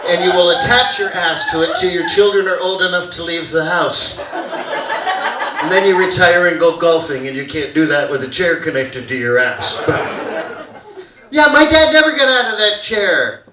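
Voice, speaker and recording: A man performs a lively stand-up comedy set, his voice sitting notably high for a man. He keeps switching into loud, shouted impressions of a grumpy father. The sound is captured from far off in an echoey theater, with plenty of noise from the crowd. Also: normal speed. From Canada. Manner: animated, acts out shouting dad voices. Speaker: stand-up comic. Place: theater stage with audience laughter. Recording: roomy, distant theater recording.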